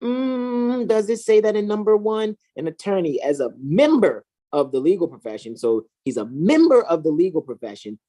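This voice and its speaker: Fiery, animated woman lecturing. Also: husky. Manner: emphatic, profane, preachy, swings between high and low pitch. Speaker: co-host. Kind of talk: heated casual discussion.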